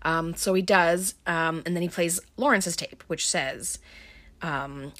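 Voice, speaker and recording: A woman's voice: on the low side, takes it slowly, fairly bright tone. A woman casually recapping a movie plot, chatty and filled with ums and likes, with wry offhand asides. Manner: chatty, heavy on filler words.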